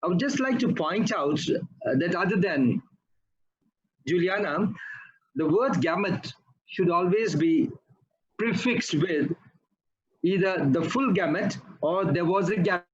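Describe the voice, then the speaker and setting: Guy, high voice, teachy grammar notes, kinda muffled lo-fi sound. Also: lively intonation, unhurried, long pauses, slightly rough. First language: not English. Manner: instructive, corrects usage and pronunciation word by word. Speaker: Toastmasters grammarian. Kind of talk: club meeting feedback report.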